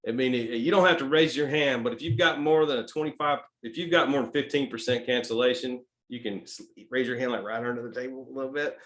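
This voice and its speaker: A man with a Texan accent giving a sales training talk, emphatic and checking in with "right?" and "okay?", swinging between loud stresses and soft asides. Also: medium pitch, quick pace, few pauses. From Texas. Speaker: sales coach.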